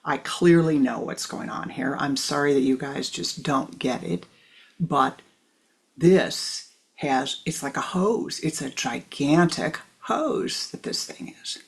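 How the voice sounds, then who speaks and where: A woman's voice: sits low, slow pace, vocal fry, voice pushed down, full character voice. A woman voicing a proud, stubborn eldest who is sure he knows best, in a spiritual teaching story. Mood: self-assured. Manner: self-assured, lecturing.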